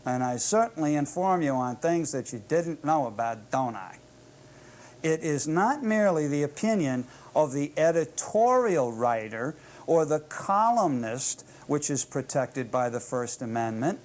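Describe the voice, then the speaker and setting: A man's voice: fairly high pitch, big pitch swings, measured pace, a little mellow. An older man hosting a public access show, delivering a combative, sarcastic monologue full of rhetorical asides. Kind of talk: ranting monologue. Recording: old public access tape.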